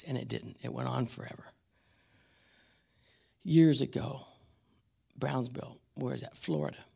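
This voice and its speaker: A man preaching a blunt, emphatic teaching sermon, slowing down and dropping to a whisper on key words. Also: medium pitch, vocal fry, slightly rough.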